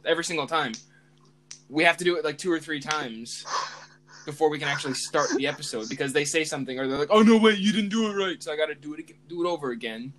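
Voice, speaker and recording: Rambling young podcast host. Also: male voice, fairly high pitch, bright, forceful tone. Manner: rambling, explains with restarts. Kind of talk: casual podcast chat.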